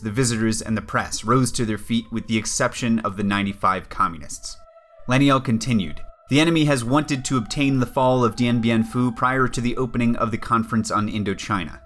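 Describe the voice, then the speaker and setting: A man narrating a history documentary in a measured way, reading quotations aloud and adding pointed asides. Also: mid-range voice, a bit bright. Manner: reads quotes aloud, framing them with "quote, unquote".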